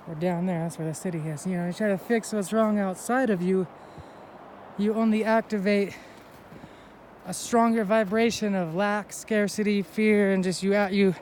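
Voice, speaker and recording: High-pitched but darkish in tone, this man vlogs an inspirational, heartfelt spiritual pep talk as he hikes up a snowy mountain, a little out of breath. Slight background noise is audible.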